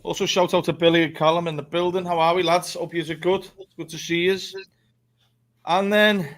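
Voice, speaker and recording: A man's voice: high voice, fairly even intonation, fairly quick, fairly bright tone. A man hosting a live football fan show, chatty and laughing, swearing freely as he talks. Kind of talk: casual live-stream chat.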